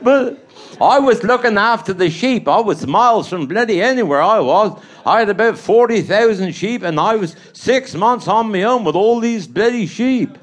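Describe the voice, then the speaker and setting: A man's voice: high-pitched, animated, moderate pace, slight background noise. A man with a Cornish accent telling bawdy, rambling stand-up stories and chuckling at his own jokes. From Cornwall. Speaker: stand-up comedian. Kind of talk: live stand-up storytelling.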